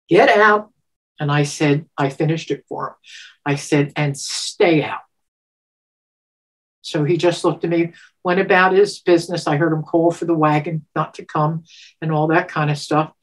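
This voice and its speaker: A woman in her seventies telling a personal story in an interview, animated, laughing often and getting emotional with halting restarts. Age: 70s. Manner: animated, laughs often, acts out quotes with sudden pitch jumps. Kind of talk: storytelling, recounting a personal memory.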